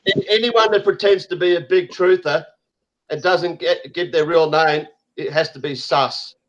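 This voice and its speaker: Ranting, profane man, high voice. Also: fairly even intonation, normal speed, muffled recording. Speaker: host. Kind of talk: casual online group chat.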